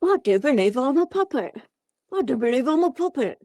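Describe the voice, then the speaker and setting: A woman's voice: extremely high pitch, animated, unhurried, dark tone, no room sound, clean studio sound, voice pushed up. A woman voicing a purple monster puppet in a halfway British, halfway Cockney voice that sounds like a grandmother. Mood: delighted. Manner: prim, old-fashioned phrasing.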